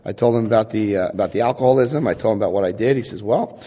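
A man's voice: fairly low pitch, very fast, warm tone. A middle-aged man from New Jersey giving a recovery meeting talk, telling his story animatedly, acting out quotes and laughing at himself. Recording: long hall reverb.

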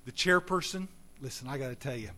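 A man telling his recovery story at a meeting, folksy and animated, talking straight to the audience. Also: mid-range voice, brisk. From Texas. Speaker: recovery speaker.

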